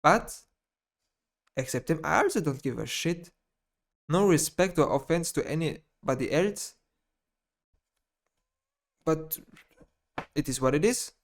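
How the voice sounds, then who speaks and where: A gaming YouTuber rants through a vlog monologue in non-native English, swearing bluntly, repeating phrases, and swinging between mutters and loud outbursts. His voice is a little high, animated, and gravelly, and he takes it slowly with frequent pauses.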